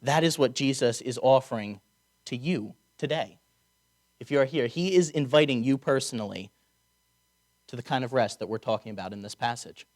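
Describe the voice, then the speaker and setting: A man preaching a conversational sermon, slowing down to stress key words and dropping wry asides. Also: mid-range voice. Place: chapel or auditorium.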